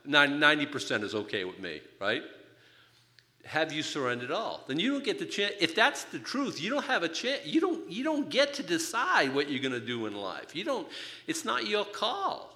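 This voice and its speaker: An older man preaching a sermon, telling his own story in an animated, joking way. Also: high-pitched, normal speed. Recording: reverberant hall.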